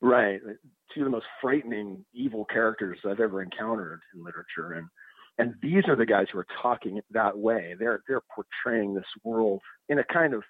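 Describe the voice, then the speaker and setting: A man's voice: mid-range voice, big pitch swings, moderate pace, creaky, dry recording. A man talking casually and thoughtfully about books, with frequent restarts and hesitations. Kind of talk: casual conversation. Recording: dry tinny phone-like sound.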